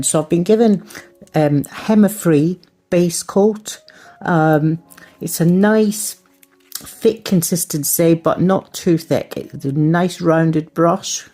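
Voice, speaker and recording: A woman's voice: sits low, creaky, warm tone. A middle-aged woman chatting through a casual nail product review, rambling and self-deprecating. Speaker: nail art vlogger.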